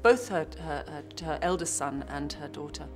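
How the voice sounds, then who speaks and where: Low-voiced woman, musing interview answers. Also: lively intonation, moderate pace. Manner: reflective, with frequent restarts and playful asides. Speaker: actress interviewed about her film.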